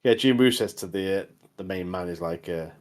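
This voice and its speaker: A man co-hosting a podcast in casual chat, enthusiastic and halting, repeating words as he goes. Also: sits low, crowd noise. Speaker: podcast co-host.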